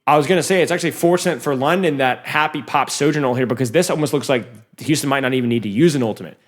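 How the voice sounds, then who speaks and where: Speaking at a racing pace in a mid-range voice, this man guides viewers through a match review as casual commentary. He addresses them head-on and gets worked up when the momentum of a play shifts.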